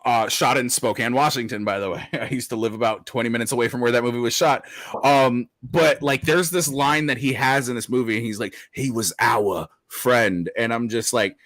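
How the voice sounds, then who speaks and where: A man's voice: medium pitch, fairly quick, fairly bright tone, no room sound. A man talking in a casual chat, rambling with lots of fillers, restarts and swearing.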